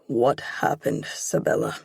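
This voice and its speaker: A woman narrator voicing a stern, protective father who speaks hard and measured in an audiobook. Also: a little mellow, no echo, natural voice. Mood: stern, gentle.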